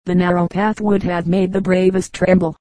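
Low, even-voiced woman reading fables. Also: moderate pace, dry recording, low-quality recording. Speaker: audiobook reader. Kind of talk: storybook narration.

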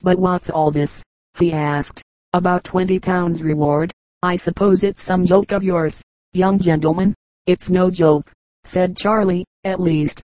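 A woman reading a children's story aloud as an audiobook narrator, in an even, measured way. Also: on the low side, no echo, poor audio. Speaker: audiobook reader. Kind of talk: scripted narration.

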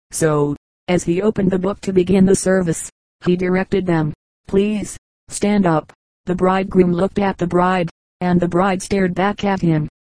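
A woman narrating an audiobook of humorous anecdotes in an even, unhurried reading voice. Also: lowish voice, no echo, rough recording. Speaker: audiobook reader.

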